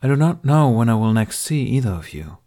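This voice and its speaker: A man's voice: medium pitch, very animated, brisk, warm tone, voice pushed up, natural voice. A man voicing a grown male Jedi who speaks in a formal, earnest way. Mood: warm.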